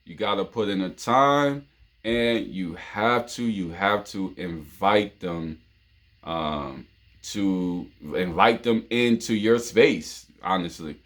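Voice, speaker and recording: A man's voice: sits low, slow, fairly bright tone. A man from New York hosting his own show, giving relationship advice in an informal monologue full of "you know what I'm saying" and repeated phrases. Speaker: show host.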